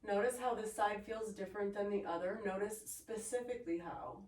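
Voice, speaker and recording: A woman teaching a yoga class, giving calm, encouraging cues with playful asides. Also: mid-range voice, brisk. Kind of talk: guided yoga class instruction. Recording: echoey room, voice from a distance.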